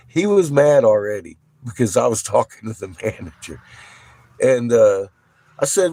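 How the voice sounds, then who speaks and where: A man's voice: mid-range voice, unhurried, pauses often, no echo, rough recording. Profane, laughing man telling a story. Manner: profane, laughs often, animated retelling. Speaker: vlogger. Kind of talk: casual storytelling.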